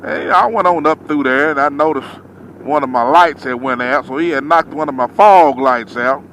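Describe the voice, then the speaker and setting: A man's voice: a little high, moderate pace, a bit bright, a little hiss or hum, low-quality recording. A man, a truck driver, telling a story in a casual, drawling way and acting out his own reactions.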